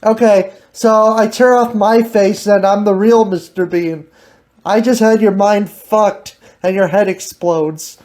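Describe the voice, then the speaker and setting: Slow-talking, giggly woman teasing an AI. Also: mid-range voice, fairly even intonation, mellow. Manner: giggly, teasing, laughs often. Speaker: host. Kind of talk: casual improvised chat with an AI.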